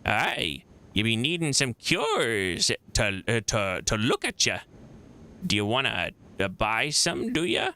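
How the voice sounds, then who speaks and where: A man voicing a sly, cackling old woman midwife in a video game, speaking in a folksy old dialect with drawn-out questions. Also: medium pitch, wildly swooping pitch, sharp tone, smooth, heavily acted.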